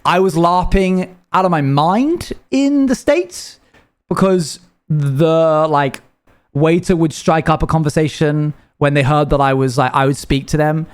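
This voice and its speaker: Chatty British man, higher voice. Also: measured pace, clean tone. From United Kingdom. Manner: rambling, reads chat messages aloud and answers them. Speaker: streamer. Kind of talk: casual live-stream chat.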